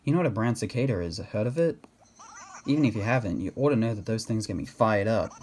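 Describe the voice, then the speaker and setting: A man reading out the lines of a cheeky male rabbit villager in a game, in a brisk, plain voice. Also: lowish voice, animated, darkish tone, slight background noise, natural voice. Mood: challenging.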